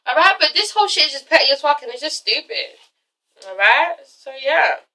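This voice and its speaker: A woman's voice: high-pitched, expressive, brisk, sharp tone, far from the mic, rough recording. A woman casually recapping an episode in a chatty, profane vlog style, tagging her lines with "all right?". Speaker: vlogger reviewing a TV episode.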